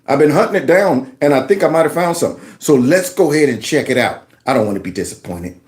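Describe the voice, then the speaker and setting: A man with a high, very lively voice mocks the news clips he reacts to, swinging his pitch all over as he jeers and talks back. His sarcastic commentary rings in a roomy, echoing space. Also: brisk. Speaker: commentary channel host. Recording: roomy echo.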